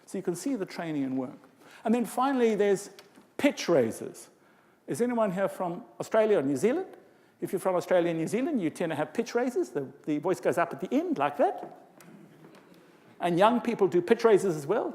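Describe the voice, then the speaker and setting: An older Englishman lectures a live audience in a large, reverberant conference hall, speaking at moderate pace in a high voice. He's an expressive, lively conference speaker who adds vocal demonstrations and asides.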